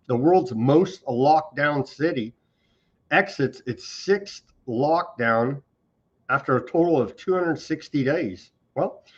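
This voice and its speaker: A man's voice: medium pitch, lo-fi sound. A man hosting a news commentary show, reading on-this-day items and mocking them with heavy sarcasm. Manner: sarcastic, mocking, scornful of government. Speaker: host.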